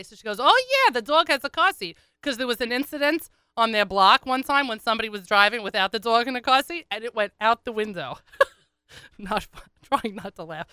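Brief: animated woman storyteller, radio host, crisp and bright, dry mic. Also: mid-range voice, dry recording. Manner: animated, chatty, laughing asides. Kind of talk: comic storytelling.

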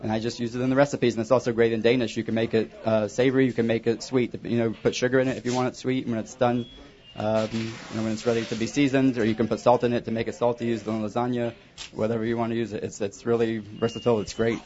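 A man who is a guest cook, explaining in rapid, rambling casual chat. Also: medium pitch, little pitch movement, darkish tone. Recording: distant, dull mic with faint noise.

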